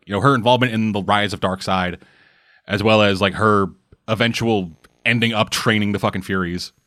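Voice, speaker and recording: A man's voice: fairly low pitch, a bit bright, no echo, studio quality. A man hosting a casual comic book podcast, rambling and swearing freely as he talks. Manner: profane, rambling, jokey. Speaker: podcast host.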